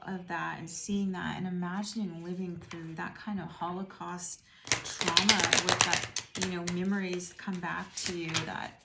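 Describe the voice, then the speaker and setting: Gravelly-voiced middle-aged woman reading tarot. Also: fairly low pitch, flat delivery, measured pace, very noisy. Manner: musing, rambling, talks to the viewer. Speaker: tarot reader. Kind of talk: casual spoken tarot reading. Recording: roomy echo.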